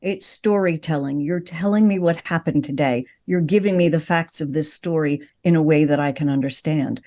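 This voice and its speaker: An older woman with a mellow, fairly low voice explains her craft as a podcast guest. She talks in an expressive, teacherly way, leaning hard on key words. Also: normal speed. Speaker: broadcast voice coach and guest. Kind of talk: conversational podcast interview.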